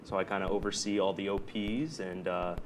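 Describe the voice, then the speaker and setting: A man's voice: low-pitched, flat delivery, brisk, slight background noise. A young man, a guest on a student campus TV show, talking in an easygoing way with some fillers. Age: young adult. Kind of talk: casual studio chat. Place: campus TV studio.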